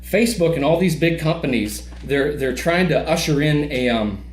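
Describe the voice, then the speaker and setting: A man's voice: fairly high pitch, moderate pace. Heated, profane man in echoey room. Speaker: podcast guest, artist. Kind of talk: casual podcast conversation.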